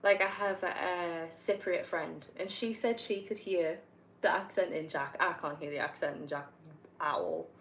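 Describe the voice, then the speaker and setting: Here a young Northumbrian woman from North East England rambles chattily while gaming, answering questions from viewers and laughing a lot. Her fairly low voice is expressive and a bit bright, at a moderate pace, though the audio is poor with slight background noise.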